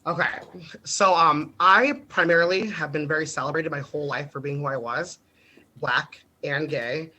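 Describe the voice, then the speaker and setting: A man's voice: fairly high pitch, moderate pace, pushed and bright, rough recording. A young man from the United States telling stories animatedly on a podcast, laughing often and swearing freely. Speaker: podcast guest. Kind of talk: casual storytelling.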